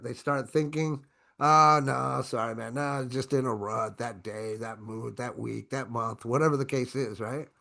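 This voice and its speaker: A man gives an online sales training to his own camera, energetic and conversational, often checking in with "right?". His voice is medium in pitch.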